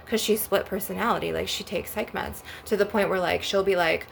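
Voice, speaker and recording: A young woman talks in a casual, rambling storytime rant, blunt and full of swearing. Her voice has a gravelly edge at a middling pitch, and faint noise sits under the recording. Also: brisk, few pauses, a bit bright. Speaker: spiritual vlogger.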